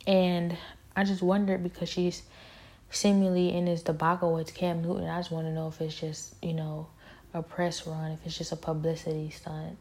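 A woman's voice: fairly low pitch, completely flat delivery, normal speed, dark tone. A woman talking in a casual spoken monologue, intense and rambling, with pointed, confrontational questions and many fillers.

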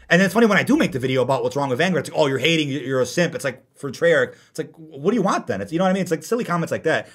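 A man hosting a casual podcast, reading out viewer comments and answering them in a lively way. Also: on the high side, slightly rough. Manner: fast, animated, reads viewer comments aloud. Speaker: podcast host.

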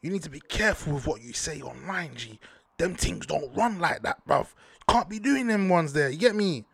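A man's voice: a little high, lively intonation, moderate pace, creaky, fairly bright tone, husky. A man, ranting to camera in slangy, heated talk, repeating himself for emphasis. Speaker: vlogger. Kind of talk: casual ranting commentary to camera.

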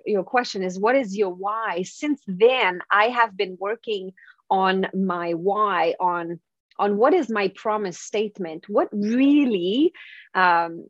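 A woman's voice: mid-range voice, no echo. A woman with a French Canadian accent, her first language French, speaks as a guest on an interview podcast, eager and earnest. Her words come across in a mid-range voice. The sound is dull and lo-fi, with a dry, close feel. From Quebec, Canada. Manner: earnest, eager, with frequent laughs.

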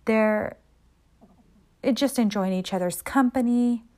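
A woman's voice: a little high, slow pace, a little mellow. A woman casually recapping a soap episode in a loose, conversational way, with fillers and frank asides.

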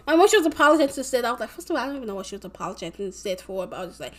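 A woman's voice: a little high, very fast, few pauses. A young woman rambling casually in a vlog, packing her talk with fillers and swearing a lot. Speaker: vlogger.

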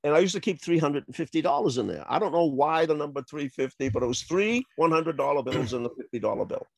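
A man tells a rambling anecdote with a voice that swings up and down. He sits a bit high for a man, sounds close and dry, and often laughs as he acts out the other people in his story. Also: expressive, quick pace, gravelly, no echo. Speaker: salesman telling a story.

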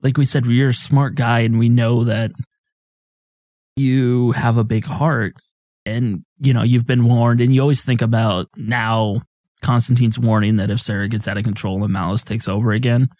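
A man's voice: mid-range voice, steady tone, moderate pace, darkish tone, no echo. Laid back guy cohosting a podcast, teasing a bit, dry close sound. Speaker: podcast co-host. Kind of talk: casual chat.

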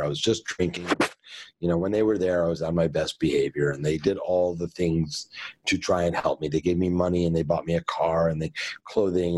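A man's voice: deep voice, darkish tone. A man in an interview, frankly telling a personal story in a plainspoken way, often correcting himself mid-sentence. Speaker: guest.

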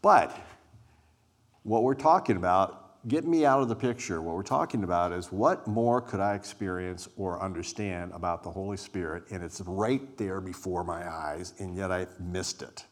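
A man's voice: low voice, moderate pace. A man giving a conversational, inviting sermon to a congregation as a guest preacher. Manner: conversational, inviting, acts out scripture scenes. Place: church hall before a live congregation.

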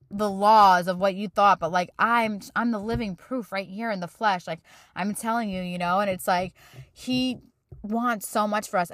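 A woman's voice: medium pitch, a bit bright, no echo, studio quality. A woman hosting a podcast, speaking unscripted about faith in an earnest, emotional way and growing tearful at times. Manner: emotional, earnest, preaching to listeners. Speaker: podcast host. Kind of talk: spontaneous faith talk.

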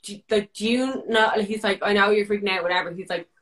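An animated young Irish woman chats as a podcast guest. She tells her story fast and loose, leans on "like" and swears freely. Her pitch sits in the middle range for a woman. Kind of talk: casual storytelling chat.

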